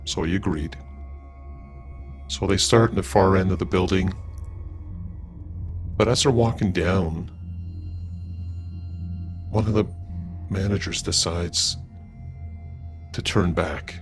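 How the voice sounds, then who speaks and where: A man casually narrating a paranormal story in a loose, conversational way, with fillers and restarts. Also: deep voice.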